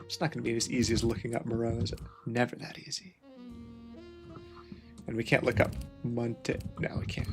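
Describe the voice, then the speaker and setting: A man's voice: mid-range voice, fairly even intonation, a little fast, pauses often, faint music behind. A man playing a detective puzzle game, thinking aloud and muttering questions to himself as he works through the clues. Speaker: let's play host.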